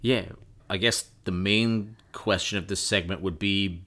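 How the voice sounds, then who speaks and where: Podcast guy, lowish voice but bright and punchy, rambly and sweary. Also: fairly even intonation, a little slow. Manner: rambling, profane, enthusiastic. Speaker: podcast co-host. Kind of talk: casual chat.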